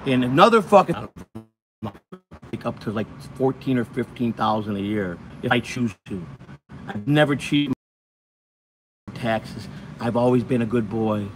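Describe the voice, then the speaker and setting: Walking outdoors under a hot sun with his phone, a man hosts a livestream and rants angrily, swearing as he goes. His medium-pitched voice is animated and his pace measured, with a faint hiss or hum in the background.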